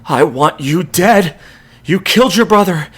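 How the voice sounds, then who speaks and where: A man voicing Jason, a furious grieving Greek hero, shouting in a strained, raised voice. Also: sits high, animated, unhurried, breathy edge, pitched above the performer's own voice, heavily acted. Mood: furious anguish.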